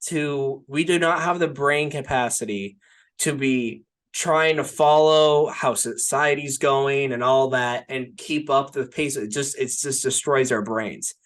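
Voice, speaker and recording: A young podcast co-host talks about movies in a relaxed, rambling way, his medium-pitched voice fairly bright and his pace measured. Fillers are everywhere, especially "like" and "right?"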